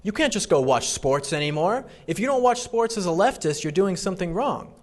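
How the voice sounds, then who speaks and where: A man delivering an emphatic fundraiser speech. His voice sits a little high, and he repeats his points for force. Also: expressive, fairly quick. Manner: emphatic, repetitive. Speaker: political speaker.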